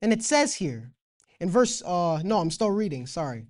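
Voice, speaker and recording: Lively woman with a Toronto accent. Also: mid-range voice, moderate pace. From Canada. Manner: reads scripture aloud, then explains it in slangy asides. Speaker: Bible teacher. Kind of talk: casual Bible lesson.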